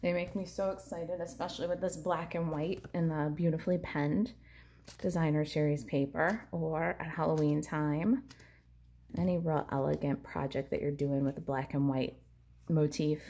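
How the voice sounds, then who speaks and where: A woman's voice: low voice, dark tone, slight background noise. A woman demonstrating a papercraft project, chatting in an upbeat way as she narrates each hands-on step. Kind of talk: crafting tutorial.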